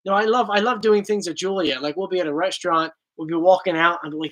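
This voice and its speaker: A man's voice: sits high, quick pace, a bit bright. A man hosting a casual question-and-answer chat, telling goofy stories in a playful way. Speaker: YouTube host.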